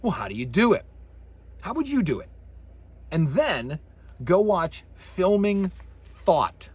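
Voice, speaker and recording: A man's voice: high voice, takes it slowly, husky, no echo. A middle-aged man teaching a college lecture on sound, joking and acting out sound effects as he goes. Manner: animated, jokey, acts out sounds and voices. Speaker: college communications professor. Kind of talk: recorded lecture.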